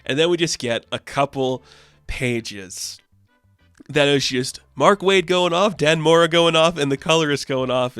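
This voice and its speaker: A man giving a casual comic book recap, excited and rambling. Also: medium pitch, clear, resonant tone, no echo.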